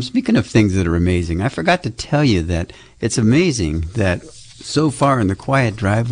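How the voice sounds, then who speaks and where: A man's voice: mid-range voice, a little mellow. A man hosting a children's radio show, talking playfully and chuckling as he rambles. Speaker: radio host. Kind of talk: casual children's radio chat.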